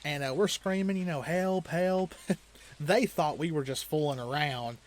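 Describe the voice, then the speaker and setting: A man's voice: fairly high pitch, moderate pace. Chuckling man telling a story. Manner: chuckles often while telling stories; loose, rambling delivery with restarts. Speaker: let's play host. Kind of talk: casual storytelling while playing a video game.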